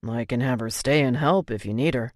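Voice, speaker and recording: A narrator plays a meticulous, self-controlled restaurant owner in a romance audiobook, talking short and clipped, a touch lower than the narration. The recording is dry and close, with no room sound. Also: a little fast, no echo, close to an everyday voice. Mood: curt. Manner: clipped, terse.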